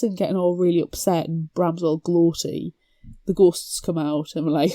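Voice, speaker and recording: A young adult woman co-hosting a podcast, chatting casually about a book, animated and quick to laugh and slip into quoted voices. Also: lowish voice, dry recording. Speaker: podcast co-host. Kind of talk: casual book-discussion chat.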